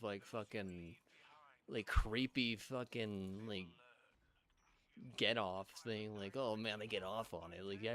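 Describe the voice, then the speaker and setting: A man's voice: on the low side, creaky. Man ranting, swearing and rambling. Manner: heavy swearing, halting restarts and fillers. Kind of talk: rambling profane rant.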